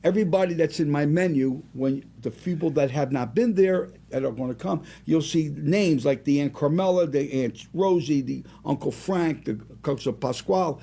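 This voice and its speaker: A man around seventy, a singer and restaurant owner, telling rambling, animated stories as a guest in a casual interview. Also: on the high side, moderate pace, gravelly, hardly any pauses. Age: about 70.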